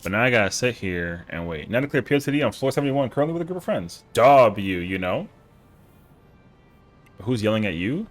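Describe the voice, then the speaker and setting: Faint music plays behind a man streaming a game live, talking a little fast in a fairly low voice that swings widely in pitch. His chat is loose and jokey, peppered with heavy swearing and mock-indignant outbursts.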